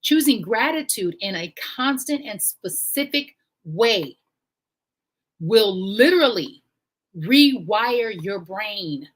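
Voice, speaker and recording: Woman host, husky voice, animated and emphatic, casual live-stream talk mixed with book reading. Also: rough recording. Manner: animated and emphatic, swings up in pitch when excited. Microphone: home live-stream mic.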